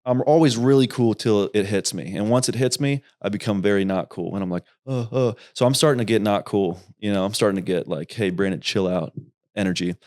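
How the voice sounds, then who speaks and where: Young male guest, low voice, rambling animated storyteller, casual and profane. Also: brisk. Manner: rambling, animated, swears freely. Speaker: podcast guest, YouTuber.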